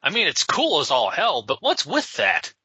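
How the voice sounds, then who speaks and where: A man reading aloud and voicing a cocky, questioning teenage boy sidekick, a bit higher than his own voice. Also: huge pitch swings, normal speed, pushed and bright, slightly rough, dry recording, full character voice. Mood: incredulous. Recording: slightly dull lo-fi sound.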